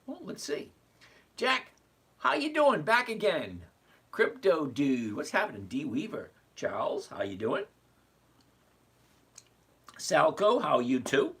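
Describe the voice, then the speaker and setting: A man's voice: on the high side, huge pitch swings, slow pace, vocal fry, pauses often, a bit bright, breathy edge. A man in his sixties hosting a casual investing livestream, chatty and greeting viewers by name as he goes. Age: 60s.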